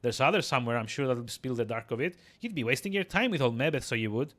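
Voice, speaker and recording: A man's voice: mid-range voice, lively intonation, fast talker, fairly bright tone. A man voicing a sly, cackling old midwife from a game, in a teasing old-timey dialect. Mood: gruff. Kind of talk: reading game dialogue aloud.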